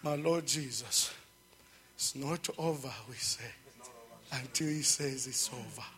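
A middle-aged man giving an emotional testimony at a church service, halting and fervent, breaking into praise. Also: mid-range voice, sharp tone.

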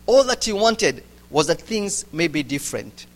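A man delivers a sermon. He moves between loud, urgent stretches and quiet, hushed ones. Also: fairly high pitch, big pitch swings, moderate pace. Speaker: preacher.

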